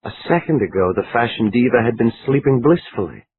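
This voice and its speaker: A man's voice: mid-range voice, brisk. Man narrating a thriller audiobook. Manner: dramatic, expressive reading. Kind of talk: scripted narration. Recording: lo-fi phone-like line, faint hiss.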